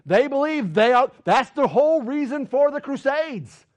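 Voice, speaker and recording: Male pastor, sermon, emphatic, high pitched, very lively delivery. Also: normal speed. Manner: emphatic, argumentative, rhetorical questions.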